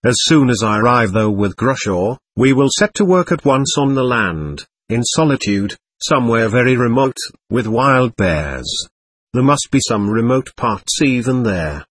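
A man's voice: mid-range voice, expressive, a little slow, husky, no echo. A man voicing a passionate, anguished young prisoner, speaking fervently and pleadingly.

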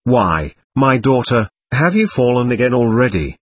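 A man's voice: medium pitch, big pitch swings, moderate pace, no echo. A man doing a preachy old priest. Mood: scandalized. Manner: preachy, smooth, sententious. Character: evasive, sententious old male Jesuit priest.

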